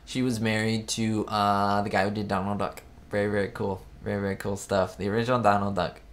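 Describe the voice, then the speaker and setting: A man with a slightly low voice hosts a casual live stream. He talks on in a chatty, rambling way. He often breaks off to fix his own facts. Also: level tone, a little fast, a little hiss or hum. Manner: rambling, chatty, self-correcting. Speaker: host of a live chat show. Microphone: webcam setup.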